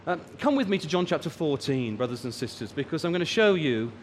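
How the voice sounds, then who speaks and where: A man delivers a sermon in a high, lively voice that climbs and drops for emphasis, stretching out the words he wants to land. His voice carries a long echo from a large hall. A faint murmur of room noise sits behind it. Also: quick pace. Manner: rises and falls for emphasis, draws out key words. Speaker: preacher.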